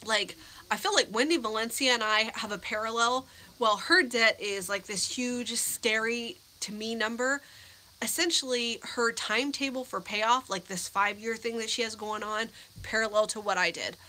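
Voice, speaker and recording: Speaking at a moderate pace in a sharp, fairly high voice, an American woman in her thirties runs a live-stream Q&A as a vlogger. She's teary and nearly crying, chatting casually in an emotional, rambling way with frequent restarts and fillers.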